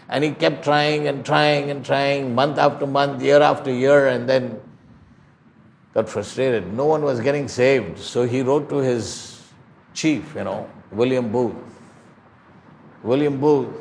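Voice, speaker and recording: A man's voice: medium pitch, creaky, a little hiss or hum. An older man preaching a sermon, pleading and emphatic, telling stories to his listeners.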